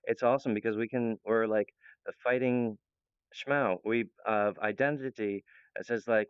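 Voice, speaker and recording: Rambling man, smooth voice, dull lo-fi sound. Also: mid-range voice, moderate pace, no room sound. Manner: meandering, laughs often, many restarts. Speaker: channel host. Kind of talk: rambling monologue.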